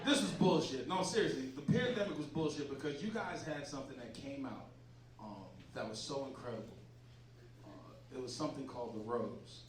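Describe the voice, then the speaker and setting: A man's voice: mid-range voice, normal speed. A man doing a brash, profane stand-up set in a comedy club, teasing the crowd. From Massachusetts. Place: comedy club stage before a laughing audience. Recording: echoey club sound from a distant mic.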